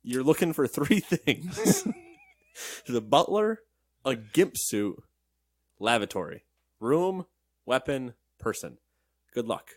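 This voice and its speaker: A man's voice: medium pitch, no room sound, studio quality. A man co-hosting a gaming news show, reading headlines and joking around in casual banter. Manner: joking, animated, quick asides.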